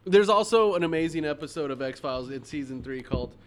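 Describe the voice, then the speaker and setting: Trivia-minded man, slightly high voice. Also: lively intonation, a little fast, noisy background. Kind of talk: casual movie chat.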